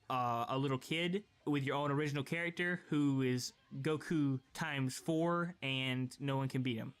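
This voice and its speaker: A man's voice: medium pitch, a bit bright. Profane young man ranting about games. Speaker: gaming video creator. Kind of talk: scripted gaming vlog commentary.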